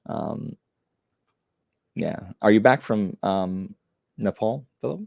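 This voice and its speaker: Young man, casual stream chat, rambling, self-deprecating, deep voice, lively swings in pitch. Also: takes it slowly, vocal fry, dry recording, studio quality.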